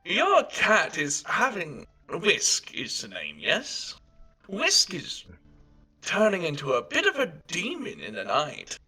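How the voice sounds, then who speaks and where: A man's voice: huge pitch swings, takes it slowly, bright, forceful tone, husky, exaggerated voice. A man doing a lisping lizard-woman innkeeper. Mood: friendly. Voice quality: lisping, high-pitched. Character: female dragonborn innkeeper with a lisp, chatty.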